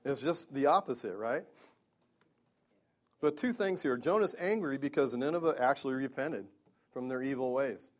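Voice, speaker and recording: A man's voice: medium pitch, normal speed, long pauses. A man preaching a Bible-teaching sermon, earnest, with stammering restarts and emphatic peaks.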